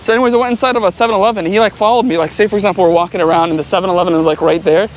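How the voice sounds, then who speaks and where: Out on a city street, a man vlogs while walking, his high voice racing as he rambles through casual travel stories packed with "like" and "you know." Slight background noise runs under the recording.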